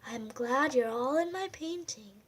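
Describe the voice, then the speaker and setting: A woman voicing a small, shy girl mouse who paints, speaking earnestly and gently. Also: high voice, animated, a little slow, a little hiss or hum.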